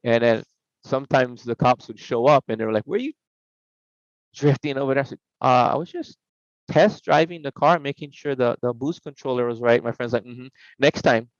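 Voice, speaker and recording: A man's voice: medium pitch, normal speed, no room sound. Middle-aged man, casual podcast storyteller who acts out the voices he quotes; slightly dull, dry recording. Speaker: podcast guest.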